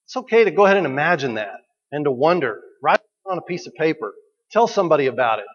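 Pastor guy, chatty sermon, lots of questions, slightly high voice, echoey hall. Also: big pitch swings, quick pace. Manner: conversational, rhetorical questions, repeats key phrases. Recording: dull recording with long hall reverb.

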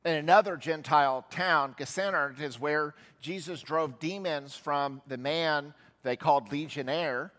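A male pastor preaching a sermon, telling a Bible story and voicing its characters as he goes. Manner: storytelling, voicing quoted figures with shifts in pitch and loudness. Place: church sanctuary. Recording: long church reverb.

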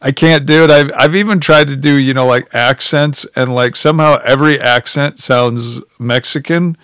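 A man's voice: medium pitch, fairly even intonation, normal speed, fairly bright tone, smooth, no echo. A man hosting a podcast over a video call, chatting in a joking, self-deprecating way with many restarts, then reading a story aloud. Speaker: podcast host.

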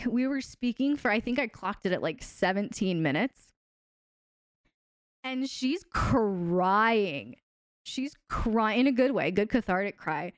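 A woman host signing off a live stream, chatting loosely and joking with her viewers. Her voice sits a touch high and comes across smooth and clear, recorded close and dry. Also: dry recording. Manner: playful and teasing, laughs often. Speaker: host and relationship coach. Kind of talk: casual live-stream sign-off answering chat.

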